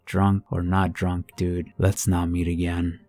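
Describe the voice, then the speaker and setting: A man with a very low voice narrates true horror stories, reading each one out with a steady, even delivery. Soft music plays quietly underneath his reading. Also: unhurried. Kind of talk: reading submitted true scary stories aloud. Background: soft background music.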